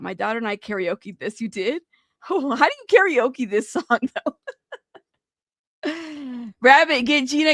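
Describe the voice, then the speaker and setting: A woman with a gravelly, fry-laden voice pitched a little high hosts a live stream. She reacts loudly to viewer comments, laughing and swearing along the way. The sound is close and dry. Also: no echo. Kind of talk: casual live commentary reading chat.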